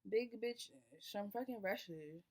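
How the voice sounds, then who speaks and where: A woman's voice: medium pitch, slow. Young woman telling a wild storytime. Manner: animated, swearing, acts out quoted lines. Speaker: vlogger. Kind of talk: casual storytime.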